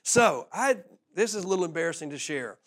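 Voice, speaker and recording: Animated, high-pitched pastor. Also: male voice, fairly quick. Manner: animated storyteller, laughs often, repeats words. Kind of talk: sermon.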